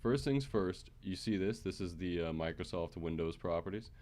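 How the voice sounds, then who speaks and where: Low-voiced man chatting through a mic fix. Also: lively intonation, moderate pace, a little mellow. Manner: chatty, filler-heavy, keeps checking in with viewers. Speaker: streamer. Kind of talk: casual livestream tech walkthrough. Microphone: USB microphone with headset monitoring.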